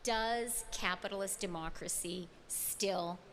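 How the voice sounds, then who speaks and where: A woman politician giving a formal prepared speech in a measured, rhetorical manner. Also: mid-range voice, a bit bright, a little hiss or hum.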